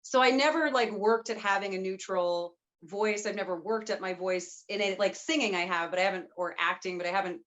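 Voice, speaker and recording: A woman from the United States with a neutral accent and a smooth, silky voice, talking earnestly and reflectively as a voice-actor guest in a casual interview. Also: mid-range voice, a little fast, few pauses, a bit bright, lo-fi sound.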